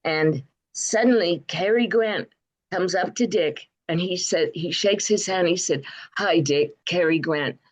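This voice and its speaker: An older woman from Bristol with an English accent, telling rambling anecdotes in an interview, with frequent fillers and pauses. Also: fairly low pitch. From Bristol, England. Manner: rambling, hesitant, warm anecdotes with many fillers. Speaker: guest. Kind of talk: interview storytelling.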